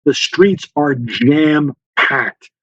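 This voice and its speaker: A man's voice: fairly high pitch, drawn-out words, husky, dry recording, dull audio. A man being interviewed, telling a story with lots of fillers and acting out the dialogue. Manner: animated storyteller, acts out dialogue, many fillers. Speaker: guest author, former Special Forces officer.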